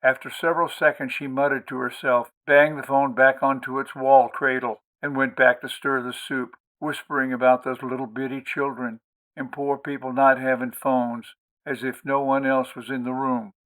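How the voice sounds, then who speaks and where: Guy reading an audiobook, bright clear tone, steady and expressive. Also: medium pitch, moderate pace. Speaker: audiobook reader, host. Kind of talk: scripted audiobook narration.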